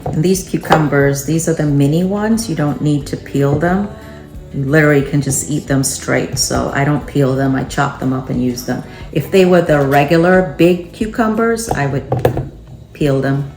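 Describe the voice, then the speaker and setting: A woman with a deep voice hosts a casual cooking vlog, chopping in her home kitchen while chatting and reflecting to herself at normal speed. The room is echoey, and background music plays.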